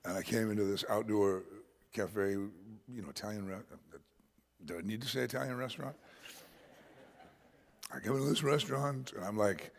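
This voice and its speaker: An American man preaching a sermon as pastor, an animated storyteller who punches out words for emphasis and jokes about himself. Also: on the low side, normal speed, vocal fry, pauses often. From United States. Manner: animated storyteller, shouts words for emphasis, self-deprecating humor. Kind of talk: expository sermon. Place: church sanctuary. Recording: church hall reverb.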